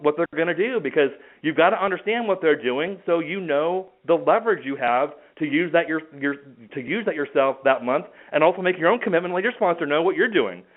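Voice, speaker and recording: A man giving a driven, rapid business pitch on a conference call, teasing upcoming news. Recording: tinny phone-line audio.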